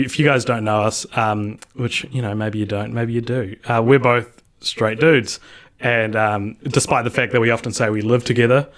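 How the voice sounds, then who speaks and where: A young man co-hosting a casual podcast, chatty and often breaking into laughter mid-sentence. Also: mid-range voice. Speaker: podcast co-host.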